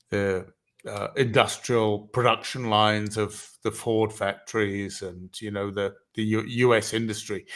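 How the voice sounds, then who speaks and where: Halting man hosting a livestream chat. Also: on the low side, a bit bright. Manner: halting, many fillers and restarts. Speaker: host.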